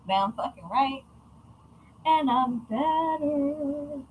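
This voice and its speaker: High, lively, bright-voiced woman livestreaming. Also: normal speed, a little hiss or hum, rough recording. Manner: chatty, profane, self-mocking. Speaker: livestreaming craft shop owner. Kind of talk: casual livestream chat.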